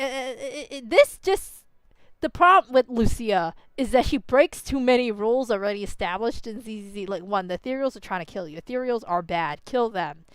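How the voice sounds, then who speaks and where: A woman's voice: on the high side, clean tone, no echo. Ranting, swearing woman streamer. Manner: animated, ranting, swears a lot. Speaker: streamer reacting to a game. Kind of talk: casual reaction commentary.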